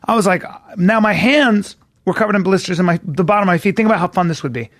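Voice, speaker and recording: A podcast co-host talks casually and tells stories, acting out the quotes as he goes. His voice sits high and fairly bright, he talks fast, and the studio-quality recording has no echo.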